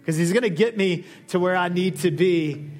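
A man preaching a sermon as a pastor, animated, acting out the dialogue he quotes. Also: moderate pace, faint music behind. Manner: lively, acts out quoted dialogue with shifting pitch. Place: church hall.

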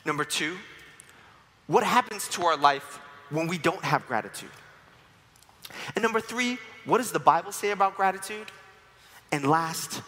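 Preaching to a congregation in a church sanctuary, a New York man in his forties blends personal testimony with playful humor. His somewhat high voice sounds bright and forceful, and it trails off into the long reverb of a church hall.

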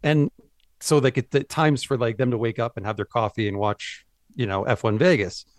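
A man sitting in as a journalist guest on a casual podcast. His mid-pitched talk rambles, full of "like" and "you know". The recording is dry and close. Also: fairly even intonation, moderate pace, no room sound. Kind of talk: casual chat.

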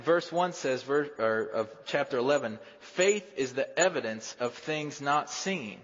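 Man, pastor, sermon, husky voice, dramatic swings, dull lo-fi sound, long church reverb. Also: mid-range voice. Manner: dramatic, rises and drops sharply, acts out quoted voices. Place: church sanctuary.

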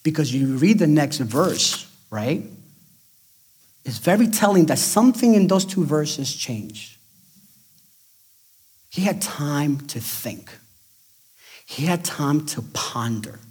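A man's voice: slow pace, long pauses, breathy edge. A middle-aged man preaching a sermon with emphatic delivery, sometimes dropping to near-whispers for effect and acting out the voices he quotes. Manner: acts out quoted voices in a raised, excited pitch. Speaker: pastor.

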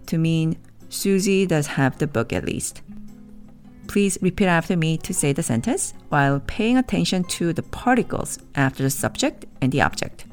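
A woman teaching a language lesson, explaining grammar in measured, clear scripted narration and repeating example sentences slowly. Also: fairly low pitch, big pitch swings, darkish tone, soft background music.

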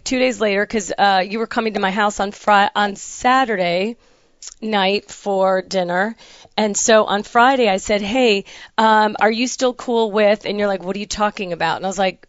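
A woman hosting a casual conversation, telling a story with lively quoted dialogue. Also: medium pitch, no room sound, dull audio.

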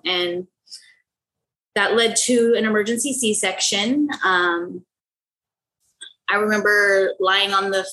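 A woman with a bright, forward voice recounts a personal story as a podcast guest. She is candid and animated, breaking into laughs and playing out the dialogue of the moment with lively jumps in her voice. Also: mid-range voice, slow, long pauses, poor audio. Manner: candid, laughs often while telling.

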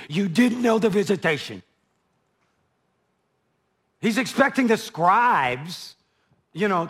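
A man's voice: high voice, a bit bright. A man preaching a sermon verse by verse, conversational, with asides and frequent repeated words. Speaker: pastor. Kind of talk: verse-by-verse Bible teaching.

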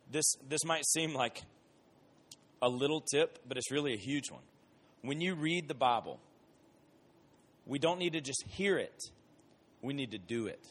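A man gives a casual, conversational Bible lesson, moving between lively everyday examples and slow, emphatic repetition. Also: mid-range voice, slightly rough. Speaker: Bible teacher. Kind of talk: casual sermon.

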